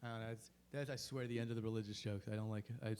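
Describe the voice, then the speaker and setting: A man's voice: fairly low pitch, fairly even intonation, rapid-fire, a little mellow, slight background noise. A male stand-up comedian on a comedy club stage, rambling, swearing and breaking off mid-thought. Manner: rambling, profane, self-interrupting.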